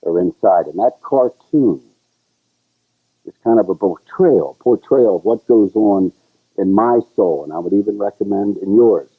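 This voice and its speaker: Husky-voiced man telling a story. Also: measured pace. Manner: animated storyteller who sings high "la la" bits. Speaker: show co-host. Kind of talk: casual storytelling chat. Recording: tinny, phone-like, lo-fi sound.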